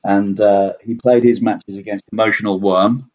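Brief: chatty man, low voice, self-deprecating, muffled lo-fi podcast audio. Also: fairly even intonation, moderate pace. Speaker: league player reviewing standings. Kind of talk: casual podcast chat. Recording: dull lo-fi audio.

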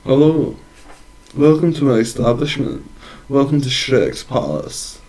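A man playing a rude, shouting ogre restaurant owner. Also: medium pitch, sing-song, measured pace, pitched below the performer's own voice. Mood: welcoming. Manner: crude, shouting insults. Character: grumpy male ogre owning a swamp palace restaurant. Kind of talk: improvised comedy role-play.

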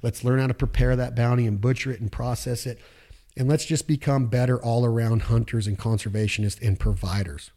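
A man's voice: medium pitch, steady tone, a little fast, warm tone. A man hosting a podcast, talking casually in a fired-up, preachy pep-talk way with slang and swearing. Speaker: podcast host.

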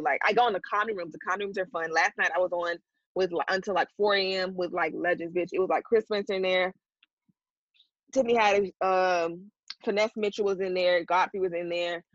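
A woman's voice: medium pitch, quick pace, dry recording. Chatty woman podcast host, lo-fi. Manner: chatty, rambling, laughs often. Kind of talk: casual podcast chat. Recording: dry, slightly dull lo-fi sound.

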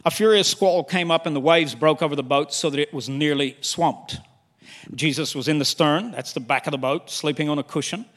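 High-voiced pastor preaching in a hall. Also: male voice, a little fast. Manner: animated preaching that slips into quoted voices. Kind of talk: sermon.

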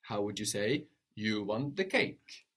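Guy teaching pronunciation, voice goes up and down a lot, slow careful examples. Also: fairly low pitch, breathy edge. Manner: patient, models pronunciation slowly, animated questioning intonation. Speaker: language teacher. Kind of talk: audio language lesson.

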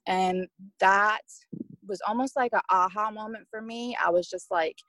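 A woman's voice: mid-range voice, moderate pace, fairly bright tone, dry recording. A young woman telling her own story as a podcast guest, candid and emotional, quoting what others said. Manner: candid, emotional retelling with quoted speech. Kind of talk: personal storytelling.

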